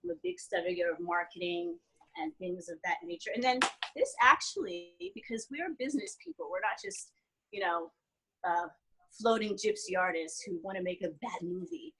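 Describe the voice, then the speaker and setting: A woman in her forties, an actress guest in a casual interview, telling animated stories with frequent laughter. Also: fairly low pitch, moderate pace, husky, low-quality recording.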